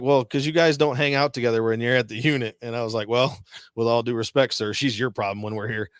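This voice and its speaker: A man's voice: medium pitch, no room sound, studio quality. A man from Detroit telling war stories casually as a guest, swearing and laughing often. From Detroit, Michigan. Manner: profane, laughing, animated quoting. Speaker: veteran guest. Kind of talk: casual storytelling.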